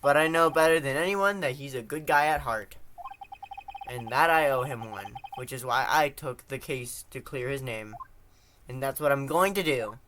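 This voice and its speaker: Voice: medium pitch, normal speed, a bit bright, slight background noise. Casual joking game streamer voicing a nervous rookie lawyer. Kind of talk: let's play voice-over, reading and commenting.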